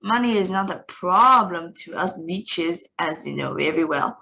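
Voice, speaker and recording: This is a tiny, ferocious witch leader who rules by shouting and shrieking, voiced by a woman reading aloud. She is commanding and scornful, bossing her listeners about in a storybook voice. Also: on the low side, lively intonation, a little slow, vocal fry, heavily acted, low-quality recording. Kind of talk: read-aloud storybook acting.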